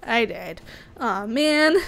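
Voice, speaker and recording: A young woman casually commenting on her gameplay, excitable and chatty, often squealing with surprise. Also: fairly high pitch, takes it slowly, gravelly. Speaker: gaming YouTuber. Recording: faint game music behind.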